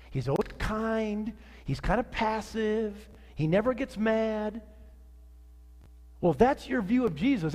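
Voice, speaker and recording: A man preaching a sermon as pastor, swinging from fiery outrage to hushed tenderness. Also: high voice, big-room sound. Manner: animated preaching, rising to outrage then dropping soft.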